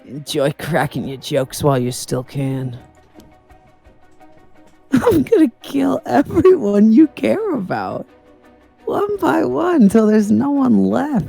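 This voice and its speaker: A woman's voice: on the high side, sing-song, slow pace, gravelly, warm tone, slightly rough, soft background music, pitched above the performer's own voice, heavily acted. A woman voicing a bitter, vengeful male ex-convict while reading game dialogue, snarling, taunting and swearing.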